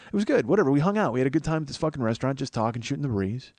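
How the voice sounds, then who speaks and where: A man telling a rambling story on his podcast, cursing freely and jumping up in pitch whenever he acts out what someone said. His voice sits in a middle range and sounds dry, close to the mic, with no room around it. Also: racing, dry recording. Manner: animated, profane, acts out quotes in a higher voice. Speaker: podcast host. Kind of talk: casual storytelling monologue.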